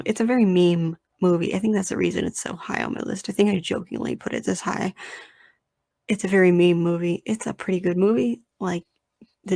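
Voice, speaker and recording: A young woman hosts her own casual podcast and talks in a blunt, rambling way, swearing freely. Her voice sits fairly low and has a gravelly fry running through it. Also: darkish tone, dry recording. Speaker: podcast host. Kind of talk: casual solo film-ranking podcast.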